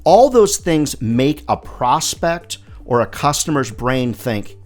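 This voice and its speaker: A man's voice: mid-range voice, very animated, takes it slowly, a little mellow, soft background music. A middle-aged man hosting a solo question-and-answer show as a sales coach, chatty and upbeat with friendly asides.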